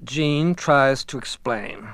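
Male reader for a literature lesson, measured delivery, dry recording. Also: mid-range voice, fairly bright tone, dry recording. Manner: measured, with hesitant fillers in summary. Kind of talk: reading a novel aloud and summarizing it.

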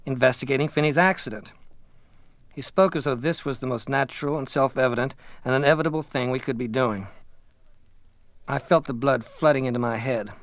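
Male audiobook narrator, measured and dry. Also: medium pitch, steady tone, dry recording. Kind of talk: scripted first-person narration.

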